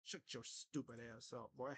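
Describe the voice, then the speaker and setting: A man's voice: medium pitch, fairly even intonation, moderate pace, a bit bright, a little hiss or hum. A man giving a casual live reaction play-by-play of a baseball game on a stream, brashly trash-talking his chat between calls. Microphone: close desk streaming mic.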